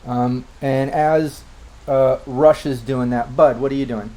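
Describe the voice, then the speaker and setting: A man's voice: medium pitch, fairly even intonation, measured pace, mellow. A man running a tabletop game as game master, narrating loosely with many fillers and restarts.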